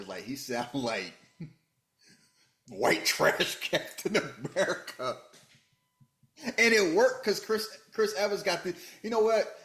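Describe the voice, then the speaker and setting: Lively man in a roomy space. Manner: animated, joking, swings between loud bursts and low muttering. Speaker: podcast host. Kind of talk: casual movie chat. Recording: roomy echo.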